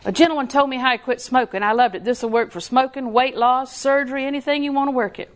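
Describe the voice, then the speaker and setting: Woman, preacher, conversational sermon, somewhat high voice, animated storyteller, mimics voices, whispers for emphasis. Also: fast talker. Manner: homespun, laughing asides.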